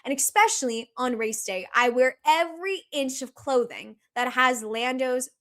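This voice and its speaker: Bright-voiced chatty young woman. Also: high voice, normal speed. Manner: chatty and profane, full of "like" and "okay". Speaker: podcast guest. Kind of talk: casual storytelling chat.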